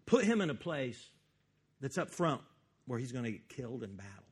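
A man's voice: mid-range voice, very animated, normal speed, slightly rough. A man voicing King David as a scheming ruler, talking casually as he plots.

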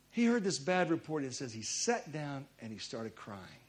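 A man preaching a sermon as pastor, telling stories with sudden loud bursts of emphasis. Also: a little high, very animated, moderate pace, hardly any pauses.

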